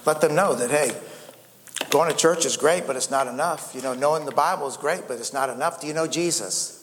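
A man preaching a sermon with a slightly high voice, in a loose, repetitive way, calling out "amen" and "friends" to his listeners. His voice rings with the long reverb of a large hall. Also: fairly quick, slight background noise. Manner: repeats words and restarts, calls out "amen" and "friends". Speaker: pastor.

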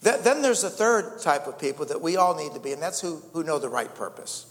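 A man's voice: a little high, very animated, a little fast, a bit bright, in a large hall. A male pastor preaching a sermon, often repeating words and calling out to the congregation. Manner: repeats words and restarts, calls out "amen" and "friends".

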